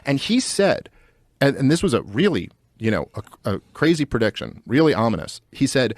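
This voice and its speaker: A man talking as a guest on a show in a casual, animated way, with many fillers and restarts. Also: mid-range voice, no echo, clean studio sound. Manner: fast, animated and full of fillers. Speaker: podcast guest. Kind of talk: casual political talk.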